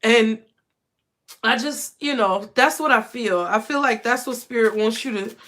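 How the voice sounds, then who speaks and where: A woman's voice: on the high side, measured pace, a bit bright. Emotional woman giving a spiritual reading. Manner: emotional, repetitive, addresses viewers as y'all. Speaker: tarot reader. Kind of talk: casual spiritual reading to camera.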